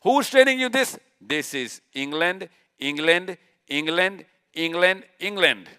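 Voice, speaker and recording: A man's voice: sits high, lively intonation, slow pace, bright, forceful tone, clear, resonant tone. A man giving a live lecture in an event hall. He is emphatic, repeats key words and asks rhetorical questions that he answers himself. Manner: uses a clicker with slides. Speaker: speaker.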